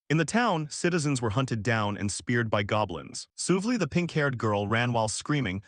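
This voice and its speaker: A man's voice: mid-range voice, animated, moderate pace, few pauses, a bit bright, no echo, studio quality. A man narrating a comic story recap in a scripted, storytelling way.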